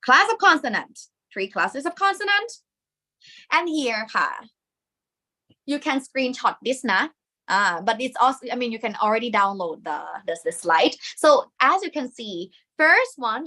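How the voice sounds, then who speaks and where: Woman with a Thai accent, language teacher, bright crisp tone, slightly high voice, patient step-by-step explaining. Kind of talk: live online lesson.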